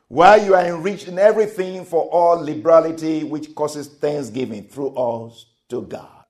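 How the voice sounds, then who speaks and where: A man preaching a sermon, repeating each point and swinging between soft and loud emphasis. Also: fairly high pitch.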